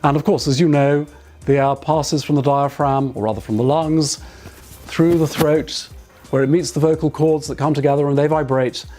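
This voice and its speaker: A man teaching voice and speaking skills, giving calm, measured instruction and guiding the listener through exercises. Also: on the high side, faint music behind. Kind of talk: instructional talk to camera.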